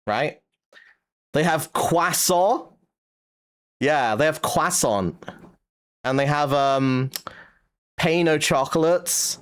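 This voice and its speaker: Slow-talking British male streamer. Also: fairly high pitch. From Britain. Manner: teasing, joking banter with chat. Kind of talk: casual livestream chat.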